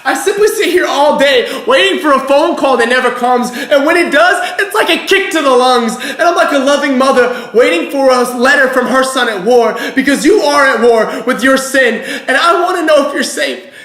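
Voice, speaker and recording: A man's voice: extremely high pitch, lively intonation, moderate pace, few pauses, fairly bright tone. A man performing spoken word poetry with a rhythmic, rhyming delivery. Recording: roomy echo.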